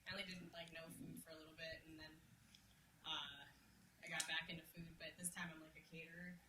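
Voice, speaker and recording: A woman's voice: low voice, little pitch movement, brisk. A woman guest in a casual chat who talks loosely, swears, and laughs often. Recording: echoey room with clear background noise.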